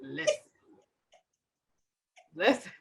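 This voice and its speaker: Loud, passionate woman podcaster. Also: drawn-out words. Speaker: podcast host. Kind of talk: casual chat.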